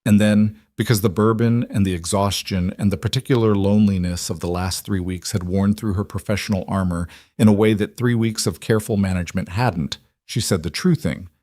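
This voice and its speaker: Male audiobook narrator, low and steady, dry studio sound. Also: brisk, few pauses, dry recording.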